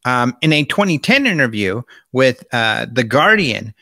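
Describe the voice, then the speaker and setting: A man hosts his show in a loose, chatty monologue, reading out quotes as he goes. His voice is bright and forceful, and it sits at a middle pitch. The sound is dry and close, with no room echo. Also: lively intonation, normal speed, vocal fry, hardly any pauses. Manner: chatty, gestures with his hands while talking. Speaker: host.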